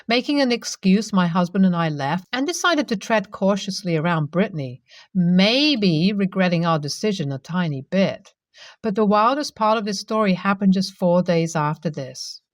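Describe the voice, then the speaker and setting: A woman reading a first-person story as scripted narration, in a steady, even way. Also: mid-range voice, moderate pace, no room sound, studio quality.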